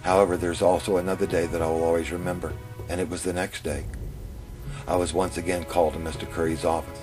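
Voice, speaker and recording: A man telling his own memoir in the first person, in a plain, steady way. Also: low voice, quick pace. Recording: music playing under the narration.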